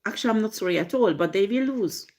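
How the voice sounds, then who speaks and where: A woman giving a tarot reading, swearing freely, laughing often and filling pauses with ums and uhs. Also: mid-range voice. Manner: profane, laughing, animated storytelling with frequent fillers. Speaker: tarot reader.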